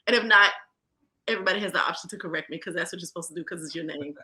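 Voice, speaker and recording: A woman with a Southern accent from rural Virginia, hosting a podcast in a lively, folksy, chatty way. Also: on the low side, racing. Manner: lively, folksy, talks straight to listeners. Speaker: podcast host. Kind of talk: casual podcast chat.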